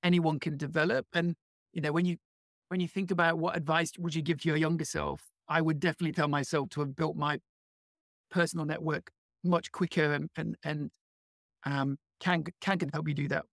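A man's voice: on the high side, level tone, fairly quick, vocal fry, a bit bright, dry recording, studio quality. A man with a British accent, a podcast guest explaining his work in a friendly, enthusiastic way. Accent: British English. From England. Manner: friendly, enthusiastic, fluent with small restarts. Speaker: guest, head of learning. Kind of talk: conversational interview answers.

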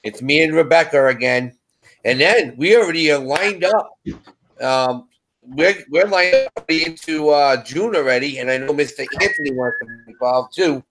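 A man's voice: on the high side, normal speed. Easygoing man co-hosting a stream. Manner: easygoing, laughs along, announces schedule. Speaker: co-host. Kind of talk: casual live-stream chat.

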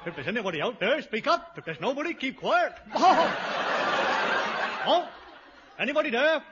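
A dopey young soldier who drawls in a very high, wandering, sing-song voice. He rambles goofily through his lines in a 1950s radio comedy. The recording is an old, dull radio broadcast with loud hiss. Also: sing-song, normal speed. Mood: nervous. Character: dim-witted slow young male soldier on guard. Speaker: guard character.

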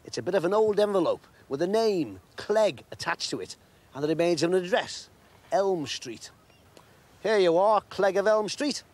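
A man's voice: high-pitched, expressive, normal speed, a little mellow. A man voicing a kindly grown-up park keeper who speaks in a plain, matter-of-fact way.

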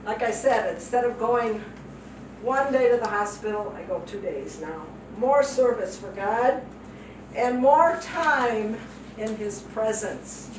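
Speaking in a testimony sermon as a guest missionary, an older woman with a voice on the high side preaches slowly, emotionally, and sincerely, returning to phrases again and again for emphasis. The noisy recording comes from a distance in a reverberant hall.

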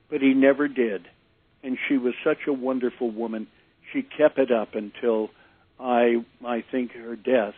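Older man telling lively radio anecdotes. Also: mid-range voice, breathy edge. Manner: animated anecdote teller, acts out quotes. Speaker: former disc jockey, guest. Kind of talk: storytelling interview. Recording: tinny phone-line sound.

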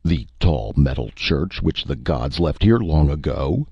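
A boastful alien chief and god-king of a warrior race, as a man reads him, speaking with stern, stately command. The voice sits extremely deep with a gravelly, husky edge. It comes through a dull, muffled lo-fi recording. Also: very animated, a little slow, no room sound, heavily acted. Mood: proud, stern.

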